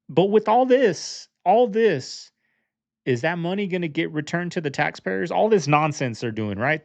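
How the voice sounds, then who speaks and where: A man's voice: fairly high pitch, vocal fry. A man hosting a reaction video, talking in a fired-up, rhetorical way and calling his viewers y'all. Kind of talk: casual commentary. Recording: dull lo-fi, dry close sound.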